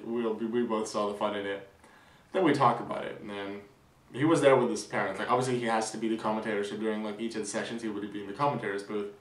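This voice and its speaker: A young man vlogging a casual weekend recap, rambling with fillers and restarts, excited. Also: on the low side, reverberant, recorded from a distance, poor audio.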